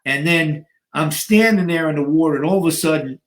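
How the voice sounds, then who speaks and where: A man's voice: a little high, fairly quick. Man in his fifties telling a story dramatically. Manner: vivid, dramatic storyteller who acts out scenes. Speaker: guest, bodybuilder and fitness coach. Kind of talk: storytelling in an interview. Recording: echoey room.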